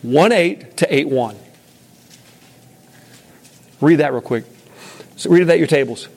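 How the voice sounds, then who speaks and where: A man's voice: on the high side, a little slow, vocal fry, darkish tone, husky. A man leading an interactive Bible lesson, talking casually and putting questions to the room. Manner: conversational, asks the room questions. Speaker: teacher leading a Bible study.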